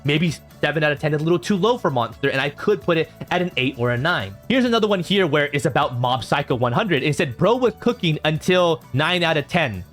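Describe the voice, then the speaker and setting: A man reacting to viewer comments in a casual vlog, reading them out and answering with animated exasperation. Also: brisk, hardly any pauses, soft background music. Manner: animated, jumps in pitch when exasperated.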